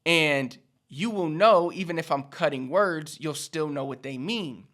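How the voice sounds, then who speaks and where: A man's voice: on the high side, a bit bright. A man hosting a casual language lesson, chatty and repeating his points. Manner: chatty, repetitive, acts out quick casual speech. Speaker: language teacher, channel host. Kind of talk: casual video lesson to camera.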